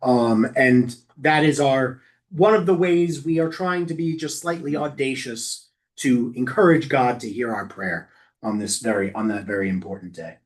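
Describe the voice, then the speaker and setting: A man's voice: mid-range voice, moderate pace. Chatty man teaching a prayer class. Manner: conversational, demonstrates chants mid-explanation. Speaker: rabbi teaching lay leaders. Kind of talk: informal class instruction. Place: synagogue classroom.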